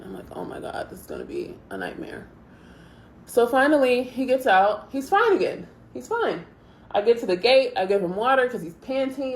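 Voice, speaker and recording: A woman's voice: medium pitch, echoey room. Chatty young woman telling a story. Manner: chatty, animated retelling with quoted asides. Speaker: vlogger. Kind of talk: casual storytelling to camera.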